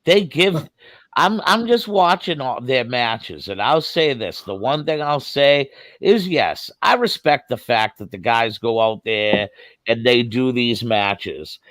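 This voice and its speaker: A man's voice: mid-range voice, animated, slow pace, a bit bright, dry recording. A man hosting a casual wrestling podcast over a video call, laughing often and swearing freely. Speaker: podcast host.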